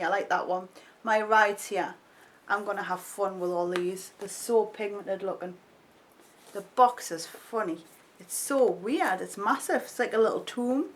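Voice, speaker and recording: An excitable woman, unboxing makeup for her vlog. She chats straight to her viewers in a casual, gushing way. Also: mid-range voice, unhurried, low-quality recording. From North East England. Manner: excitable, chatty, talks to the viewer. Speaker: beauty vlogger.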